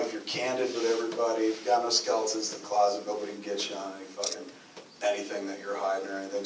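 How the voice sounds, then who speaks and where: A man's voice: fairly low pitch, a little hiss or hum. Brief: candid, foul-mouthed man fielding audience questions, roomy echo, mic at a distance. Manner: candid, profane, rambling. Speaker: filmmaker answering audience questions. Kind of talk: live Q&A talk.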